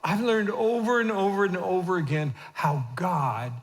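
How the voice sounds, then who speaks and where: A man in his fifties preaching a sermon as senior pastor in a church auditorium, moving from hushed asides to shouted emphasis. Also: sits high, a little fast. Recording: long reverb of a church hall.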